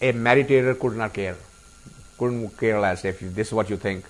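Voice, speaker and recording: A man's voice: on the low side, moderate pace. A middle-aged man giving a live spiritual discourse to a group, asking rhetorical questions and acting out little dialogues. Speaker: spiritual teacher.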